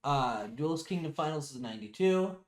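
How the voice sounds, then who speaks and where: A man's voice: a little high, lively intonation, fairly quick. Analytical man in an echoey room. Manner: earnest and analytical, giving scores. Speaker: podcast co-host. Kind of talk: casual recap chat.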